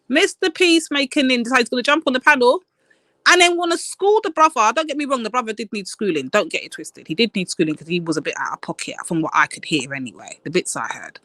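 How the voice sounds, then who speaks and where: Bright, blunt woman ranting. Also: on the high side, dry recording. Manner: blunt, swearing, rapid storytelling. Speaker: live stream panel host. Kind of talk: heated live stream rant.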